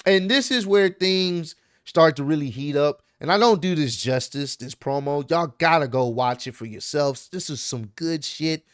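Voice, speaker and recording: A man with a fairly high voice talks through a wrestling show in an easygoing, slangy vlog style. He tells it with energy and quick asides. The sound is dry and close, with no room around it. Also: no echo. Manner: animated, slangy storytelling. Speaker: wrestling recap vlogger. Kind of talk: casual show recap.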